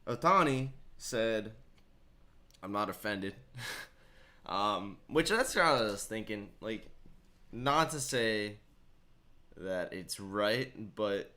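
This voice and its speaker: A man's voice: lowish voice, animated, slow pace, pauses often, pushed and bright. A young adult man co-hosting a sports betting show, teasing his partner with dry banter in casual chat. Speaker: sports betting podcast co-host.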